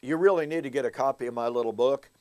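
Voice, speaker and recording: A man giving a recorded Bible teaching talk, telling stories earnestly and addressing his listeners as folks, slowing down to stress key words. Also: medium pitch, darkish tone, dry recording. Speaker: Bible teacher and show host.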